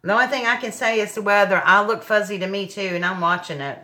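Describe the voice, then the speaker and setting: A woman's voice: mid-range voice, fast, pushed and bright. A woman hosting a live craft tutorial, chatting straight to her viewers as she works. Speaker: craft show host. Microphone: laptop mic.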